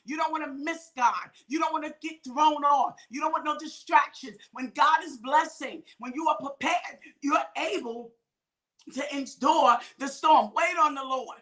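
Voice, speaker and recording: A woman minister preaches in call-and-response style, her high voice rising into sudden shouts. She stretches some phrases out slowly and tosses quick asides to listeners. Her tone is bright and piercing. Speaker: minister hosting a midday talk. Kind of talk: preaching to an online audience.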